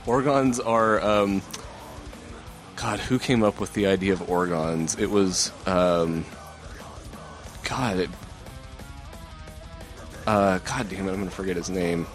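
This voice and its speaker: A man co-hosting a casual podcast, talking in a rambling way with halting restarts. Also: deep voice, faint music behind. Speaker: podcast co-host.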